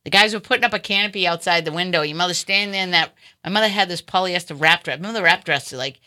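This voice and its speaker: A woman hosting a casual chat, telling animated stories and acting out the people she quotes. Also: lowish voice, fast. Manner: animated storyteller, acts out quotes.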